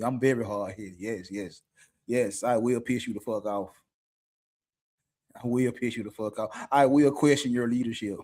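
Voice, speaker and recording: Low-ish and mellow, this middle-aged man's voice carries blunt, profane, unscripted talk as a podcast co-host. He frequently laughs mid-sentence.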